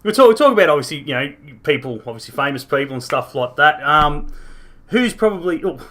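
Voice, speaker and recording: An excitable man with a Newcastle Australian accent hosts a casual podcast. His voice is bright and a little sharp, and he laughs easily between remarks. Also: a little high, a little fast. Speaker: podcast host.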